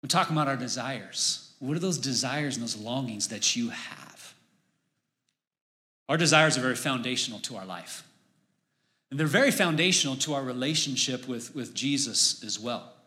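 A man preaching a casual sermon, conversational and animated, acting out voices as he retells a story. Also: medium pitch, moderate pace. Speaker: pastor.

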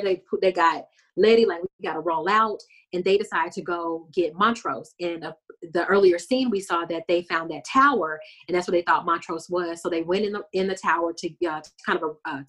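A woman co-hosting a casual chat, recapping a TV episode and acting out lines from it. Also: on the low side. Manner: animated storytelling, acts out characters' lines. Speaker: podcast co-host.

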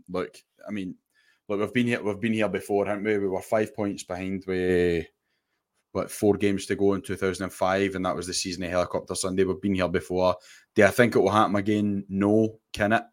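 A man's voice: deep voice, little pitch movement, moderate pace. A Scottish man co-hosting a football podcast, talking in a laid-back, joking way. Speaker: podcast co-host. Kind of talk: casual football podcast chat.

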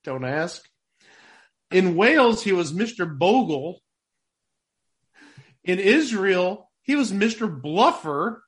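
Wry podcast co-host, man, high-pitched, chatty and amused. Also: fairly bright tone. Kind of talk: casual chat.

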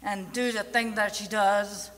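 A woman's voice: medium pitch, fairly even intonation, measured pace, fairly bright tone. A woman giving plain-spoken, giggly thanks to her mother. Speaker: church member giving thanks. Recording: distant mic in reverberant hall.

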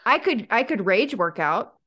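A woman co-hosting a podcast in casual chat, animated and sarcastic, with lots of "like". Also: medium pitch, moderate pace. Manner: animated and sarcastic, heavy use of "like". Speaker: podcast co-host.

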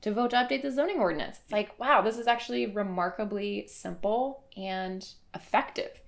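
A woman's voice: mid-range voice, normal speed, gravelly. A woman co-hosting a podcast, talking in an upbeat, conversational way. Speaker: podcast co-host. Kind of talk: casual podcast chat.

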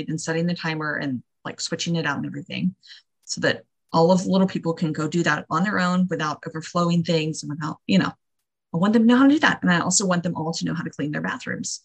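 Woman guest, low husky voice, earnest and encouraging, casual. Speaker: podcast guest. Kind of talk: casual chat.

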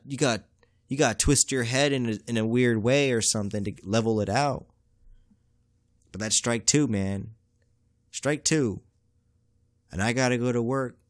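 A man's voice: medium pitch, no room sound, clean studio sound. A young man, rambling through a profane, self-mocking comedic monologue as a podcast host.

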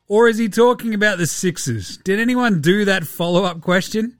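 A man's voice: sits high, lively intonation, moderate pace, no room sound, studio quality. A man with an Australian accent hosting a casual sports podcast, joking, swearing and mocking. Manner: sweary, jokey, mocking impressions. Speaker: podcast host.

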